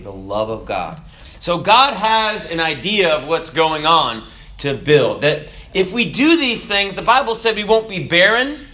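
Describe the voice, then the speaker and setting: Lively, bright-voiced male preacher. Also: on the high side. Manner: animated, joking, teaches from scripture. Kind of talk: sermon.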